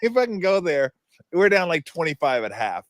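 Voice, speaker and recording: Animated storytelling man, dry close sound. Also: fairly high pitch, moderate pace, no room sound. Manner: animated storyteller, laughs often. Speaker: podcast host. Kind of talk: casual sports chat.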